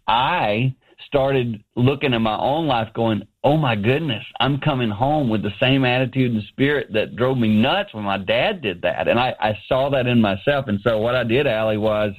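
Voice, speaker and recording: A man's voice: mid-range voice, normal speed, hardly any pauses, husky, narrow, tinny audio. Earnest middle-aged man telling a story. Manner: earnest, anecdotal, animated quoting. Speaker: ministry founder, guest. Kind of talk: storytelling radio interview. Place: his office.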